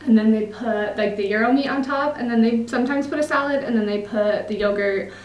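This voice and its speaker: A young adult woman from Utah, with an American accent, chats casually to camera in a vlog, laughing often and using lots of filler words. Her voice is fairly high and a little fast, and the recording is reverberant, distant and muffled.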